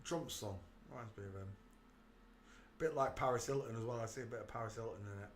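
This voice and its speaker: Mocking photos on his own channel, this man speaks quickly in a medium-pitched voice, calling out to viewers and laughing as he jeers. A slight hiss or hum can be heard.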